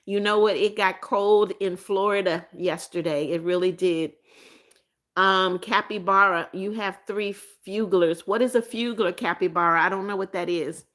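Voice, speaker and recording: A woman's voice: medium pitch, fairly even intonation, normal speed, a bit bright. A woman who used to teach, hosting a casual live stream where she reads viewer comments aloud and answers them with repeated greetings and frequent restarts.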